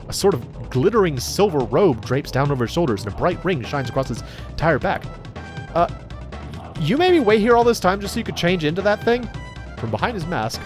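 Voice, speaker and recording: A man hosting a let's play, reading the game's story aloud with playful, laughing asides. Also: medium pitch. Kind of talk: reading game text aloud with commentary.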